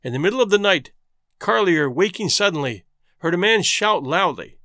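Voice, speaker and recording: Expressive male story narrator. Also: high voice, moderate pace, no room sound, clean studio sound.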